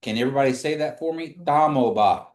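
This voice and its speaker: A man teaching a language class, slowly drilling words for the class to repeat. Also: mid-range voice, animated, a little mellow. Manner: patient, slow drilling of words for repetition. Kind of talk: live in-person language lesson. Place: classroom streamed online. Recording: echoey room.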